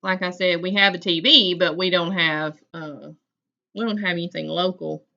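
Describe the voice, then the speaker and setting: A folksy woman chatting live with her viewers, her voice low-pitched yet bright and forceful. The recording is dull and lo-fi, as from a home stream. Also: fairly even intonation, moderate pace, gravelly. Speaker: livestream host. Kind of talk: casual chat with live viewers.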